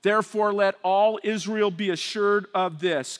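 A man preaching a sermon, swinging from loud emphatic passages to hushed, intense ones. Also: high-pitched, steady tone, unhurried, few pauses, long reverb tail. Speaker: pastor.

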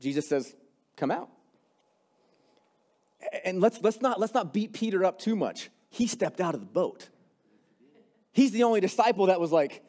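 Young man, pastor, casual animated sermon, fairly high voice. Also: normal speed, pauses often. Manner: casual, animated storytelling with rising intensity.

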